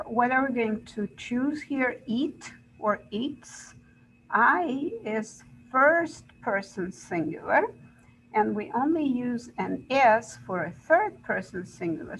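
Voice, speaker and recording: Slow-paced woman English teacher, patient and deliberate, faint noise behind. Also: a little high, animated, a bit bright, low-quality recording. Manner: slow, deliberate, repeats examples and checks with "right?". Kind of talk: grammar lesson explanation.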